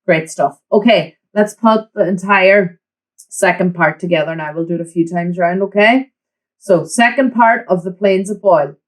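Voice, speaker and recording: A woman teaching a flute lesson, giving tips and counting the student in with steady encouragement. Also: on the low side, normal speed, soft background music, low-quality recording. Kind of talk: online music lesson.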